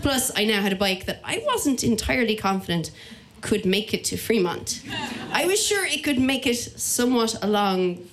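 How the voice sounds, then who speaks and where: A young woman with an Irish accent tells a funny personal story to an audience, self-mocking and lively, acting out the voices of the people in it. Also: on the high side, normal speed, a little hiss or hum.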